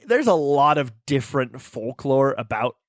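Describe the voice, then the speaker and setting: Playful man with a lively voice. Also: medium pitch, moderate pace, dry recording, clean studio sound. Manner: playful, laughing, loose. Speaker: podcast co-host. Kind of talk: casual chat with lore explanation.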